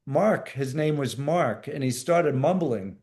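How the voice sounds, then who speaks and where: A man's voice: mid-range voice, animated, takes it slowly, darkish tone. A man who served as a military medic, telling a story in a podcast interview in a plain-spoken way with frequent repeats and restarts. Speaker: podcast guest, former Navy SEAL medic.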